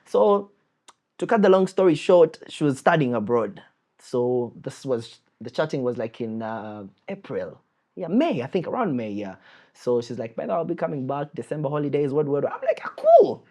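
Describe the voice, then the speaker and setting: A young man tells a story in casual podcast chat. His pitch swings widely as he laughs and acts out each moment with sound effects, at a middling pitch. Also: very animated, normal speed, mellow. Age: young adult. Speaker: podcast co-host.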